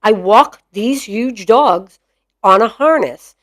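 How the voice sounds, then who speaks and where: A woman's voice: on the high side, lively intonation, slow, dry recording. A middle-aged woman hosting her own podcast in a chatty, opinionated monologue, full of fillers. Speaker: mastiff breeder and podcast host.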